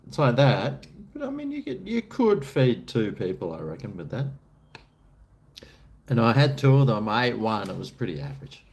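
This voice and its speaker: A man's voice: fairly low pitch, big pitch swings, normal speed, vocal fry, darkish tone, a little hiss or hum. An Australian man chatting casually on a live stream, answering chat in a laid-back, rambling, jokey way.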